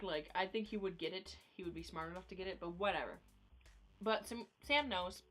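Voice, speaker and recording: A woman's voice: lowish voice, animated, fairly quick, a bit bright, faint music behind. A young woman ranting in a casual vlog, exasperated and repetitive, filler-heavy, recorded on a phone camera at home. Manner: exasperated ranting, repeats herself, many "like"s. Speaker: vlogger.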